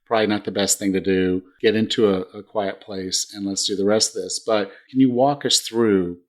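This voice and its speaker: Male fitness podcast host in his forties, slightly low voice, casual and upbeat. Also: steady tone, moderate pace. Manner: upbeat, chatty, frequent restarts. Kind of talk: casual interview chat.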